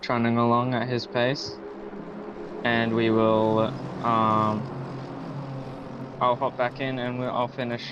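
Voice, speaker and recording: A man's voice: medium pitch, flat delivery, slow pace, pauses often, dull audio, background noise. A teenage boy, a sim racing driver, giving brief, hesitant answers with ums in an interview. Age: teens.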